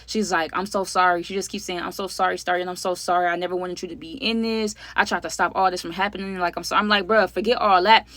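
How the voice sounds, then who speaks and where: A woman's voice: on the low side, level tone, fast talker, few pauses, fairly bright tone, no room sound. A woman telling a story in a casual vlog, slangy and talking straight to viewers, acting out what each person said. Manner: acts out the other people's lines.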